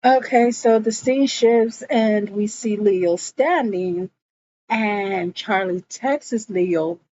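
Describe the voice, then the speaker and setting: Slow chatty woman recapping a show. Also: mid-range voice, mellow, highs cut off, a little hiss or hum. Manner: chatty retelling peppered with "like" and "girl". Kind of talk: casual episode recap.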